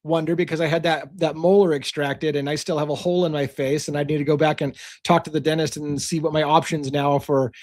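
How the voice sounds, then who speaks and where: High-pitched guy hosting a livestream, rambly and chatty, dry close sound. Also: steady tone, brisk, few pauses, a little mellow, no echo. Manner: rambling, chatty, laughs often. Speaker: livestream host. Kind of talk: casual livestream chat.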